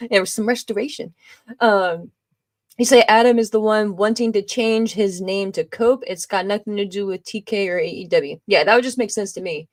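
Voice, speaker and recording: A woman hosting a live podcast stream, reading viewer comments aloud in a loose, chatty way, laughing often and making exasperated asides. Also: medium pitch. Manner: exasperated, eye-rolling asides. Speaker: podcast host.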